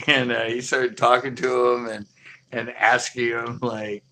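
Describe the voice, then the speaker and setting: A man's voice: mid-range voice, sharp tone. A man hosting a live stream, telling a story in a rambling, loose way with frequent laughter. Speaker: fishing channel host.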